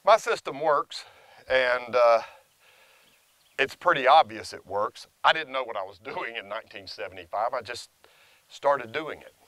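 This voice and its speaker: An older man, a dog trainer, talking in a lively, folksy way outdoors with his dog on a close lapel mic. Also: a little slow, no room sound. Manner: lively, folksy, praises the dog in a high sing-song. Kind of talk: casual outdoor training vlog.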